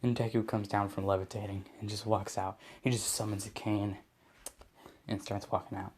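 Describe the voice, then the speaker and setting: A man's voice: on the low side, flat delivery, moderate pace, a little mellow, slight background noise. A man improvising a fan story aloud, rambling with many restarts.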